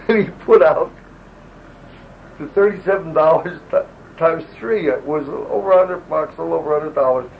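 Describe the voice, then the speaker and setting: Pitched on the high side and gravelly, an older veteran talks at normal speed, leaving long pauses, as he recounts wartime memories for an oral-history interview. He rambles and digresses, voicing the people he quotes. The recording comes from a home audio recorder, an old lo-fi tape with faint hiss.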